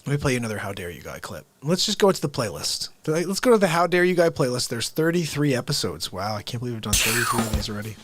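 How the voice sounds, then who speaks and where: A man hosting a comedy livestream, chatting casually and rambling in a low-key, soft-spoken way. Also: sing-song, quick pace, hardly any pauses, faint music behind.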